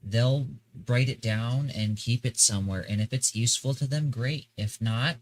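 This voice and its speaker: A tired man co-hosting a casual talk show, speaking in a halting, stammering way after little sleep. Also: medium pitch. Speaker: co-host, radio DJ. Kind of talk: casual chat.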